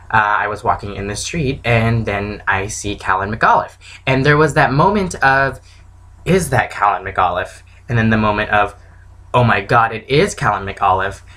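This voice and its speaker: A young adult woman telling a story in a casual vlog, gushing and excitable as she recounts it. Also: rumbling low, rough recording. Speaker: vlogger.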